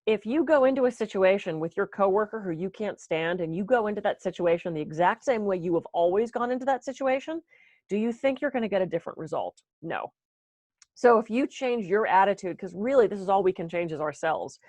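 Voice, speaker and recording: A woman from the US East Coast giving a conference talk on stress, talking fast and poking fun at herself. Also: medium pitch, lively intonation, a little mellow, no room sound. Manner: fast-talking, self-deprecating, acts out her inner voice. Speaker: wellness speaker. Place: conference room.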